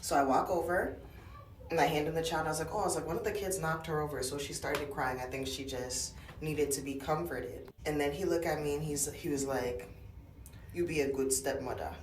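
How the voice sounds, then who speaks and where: A woman's voice: low-pitched, fairly even intonation, fairly quick, a little hiss or hum. A woman telling a personal story to camera in a chatty, dramatic way, acting out the dialogue. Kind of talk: casual storytelling. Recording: echoey, from some distance.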